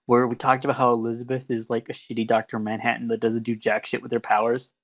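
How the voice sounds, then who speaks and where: A man's voice: medium pitch, flat delivery, quick pace, lo-fi sound. A man hosting a casual podcast chat, sarcastic and joking, with plenty of swearing. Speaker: podcast host.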